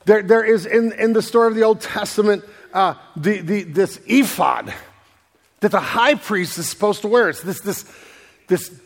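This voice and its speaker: A man's voice: high voice, animated, moderate pace, in a large hall. A man preaching a sermon in a conversational way, often checking in with his listeners and repeating words as he goes. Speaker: pastor.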